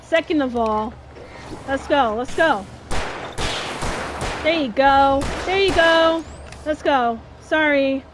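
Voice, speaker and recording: A woman's voice: sits high, takes it slowly, pauses often. A woman hosting her gaming channel, chatting casually and exasperated through a let's-play, often exclaiming at the game. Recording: steady noise with game sounds behind.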